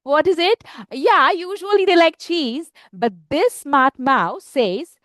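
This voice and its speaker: A woman's voice: high voice, expressive, slow pace, few pauses, fairly bright tone, no echo. A middle-aged woman telling a story to children, playful and asking them questions. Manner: playful, voices many characters, asks children questions.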